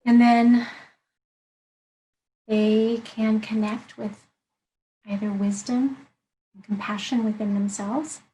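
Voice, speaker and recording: A woman's voice: on the high side, little pitch movement, slow, pauses often, dark tone, rough recording. A woman life coach in an interview conversation, explaining her approach earnestly and laying out her points one by one.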